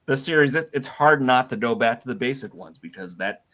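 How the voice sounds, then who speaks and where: A man co-hosting a podcast, talking in a laid-back, halting way. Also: mid-range voice, lively intonation, a bit bright. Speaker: podcast co-host. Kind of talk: casual chat.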